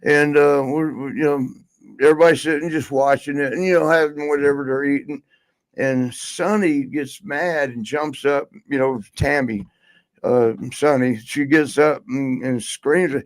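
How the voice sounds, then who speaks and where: A man's voice: fairly high pitch, fairly even intonation, moderate pace, no room sound, low-quality recording. Man guest, loose rambling storyteller, dry close sound. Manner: rambling, lots of fillers and laughs. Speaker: podcast guest. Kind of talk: casual storytelling.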